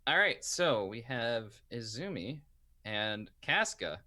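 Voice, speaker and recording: A man's voice: medium pitch, big pitch swings, takes it slowly, sharp tone. A man running a tabletop role-playing game, narrating and joking with many restarts. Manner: laughing, rambling, full of restarts. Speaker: game master.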